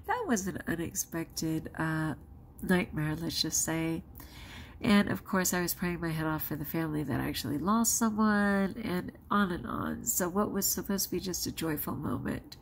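A schoolteacher and vlogger, a woman, tells a personal story out of breath, expressive and dramatizing quotes with big jumps in pitch. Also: vocal fry, slight background noise.

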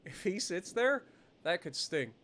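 A man streaming live gameplay commentary, swearing a lot and breaking into excitable laughter. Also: high-pitched, unhurried, heavy background noise.

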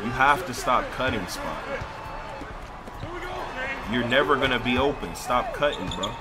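A man's voice: medium pitch, expressive, a little slow, a loud crowd. A man in live game voice chat, trash-talking and bossing his teammates around. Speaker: gamer streamer.

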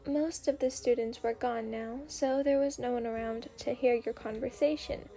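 A woman narrating a story in a gentle, unhurried ASMR reading. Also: fairly high pitch, fairly even intonation. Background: faint music.

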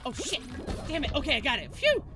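A woman's voice: high voice, expressive, quick pace, over music. A woman streamer giving live gameplay commentary, who swears and shrieks when she fails and chats in a rambling way with her viewers.

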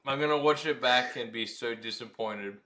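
A man co-hosting a podcast, making relaxed, wry remarks in casual chat. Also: medium pitch, moderate pace. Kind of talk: casual watch-along chat.

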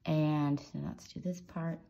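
With a low, warm, gravelly voice and fairly even intonation, a woman narrates a casual drawing tutorial at a measured pace. She's chatty and supportive, adding playful sound effects while sketching, and the audio has its highs cut off.

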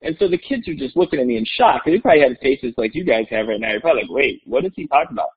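A man who is an educator, presenting in a webinar as an animated storyteller who repeats words as he goes. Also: mid-range voice, racing, slightly rough. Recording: tinny phone-like webinar audio.

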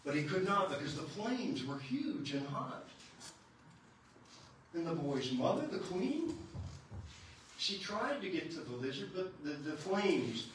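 A man preaching, telling a folk tale slowly and dramatically with repeated phrases, recorded in a church sanctuary. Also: a little high, sing-song, slight background noise. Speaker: pastor. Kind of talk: sermon storytelling. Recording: echoey church from far off.

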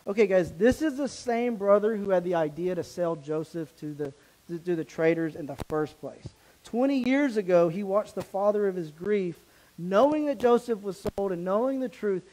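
A man's voice: high-pitched, a little mellow, poor audio. A man, a pastor, preaching a sermon, reading scripture aloud and then commenting on it in a casual, conversational way. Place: church sanctuary.

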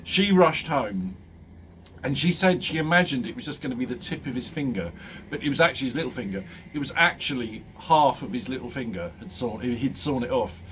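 A man's voice: medium pitch, expressive, a little fast, fairly bright tone, a little hiss or hum. A man vlogging casually, telling a funny story with lots of ums and laughing often. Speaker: motorcycle vlogger.

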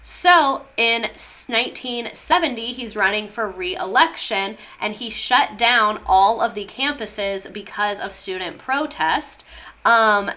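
A woman's voice: medium pitch, pushed and bright. A woman giving a casual history lesson in an irreverent, passionate way, swearing freely. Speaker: history vlogger.

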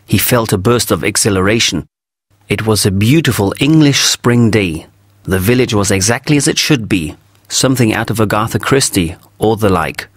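Male narrator for a graded story reading, low voice, dry close sound. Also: normal speed, no echo. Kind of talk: story reading for English learners.

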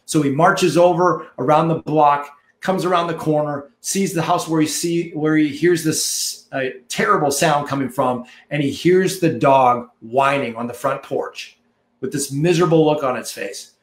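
Man, motivational coach, punchy and preachy, fairly high voice, roomy echo. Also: normal speed. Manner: punchy, preachy, repeats phrases for emphasis. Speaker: marketing coach. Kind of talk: motivational monologue.

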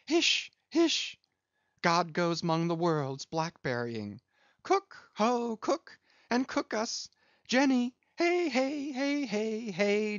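A crazed young cabin boy rambles in high, singsong chants, his pitch leaping all over. A man puts him on while reading. The recording is dull and lo-fi, and the voice sits close and dry. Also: dry recording.

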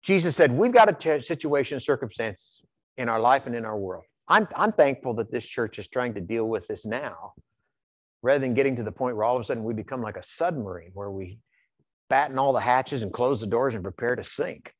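A man from Iowa preaches in a church, spinning folksy personal stories. His pitch swings widely as he tells them. The sound is dry and close. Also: a little fast, dry recording. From Iowa, USA. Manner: folksy storytelling, animated, repeats words. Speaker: pastor. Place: church sanctuary.

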